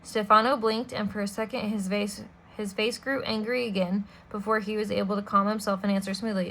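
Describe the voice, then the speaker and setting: Bright-voiced woman reading a storybook. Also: medium pitch, little pitch movement, brisk, hardly any pauses. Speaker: storybook reader. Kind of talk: reading a children's novel aloud.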